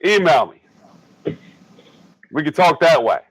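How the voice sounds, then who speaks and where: A man's voice: a little high, sing-song, slow, slightly rough, no echo, poor audio. A man in his forties co-hosting a sports podcast, ranting in an angry, profane, emphatic way. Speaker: podcast co-host. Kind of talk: heated sports podcast rant.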